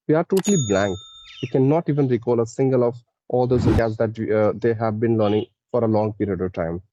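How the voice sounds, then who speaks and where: A man asking interview questions politely, pausing often. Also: medium pitch, dark tone, muffled recording. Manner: hesitant, many "uh" pauses, polite.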